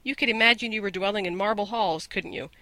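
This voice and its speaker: Play it as a man voicing an eager imaginative orphan girl, high and breathless, dry close read. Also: quick pace, bright, forceful tone, no echo, full character voice, low-quality recording. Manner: breathless eager run-on chatter. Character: chatty imaginative eleven-year-old orphan girl. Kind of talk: audiobook character voice.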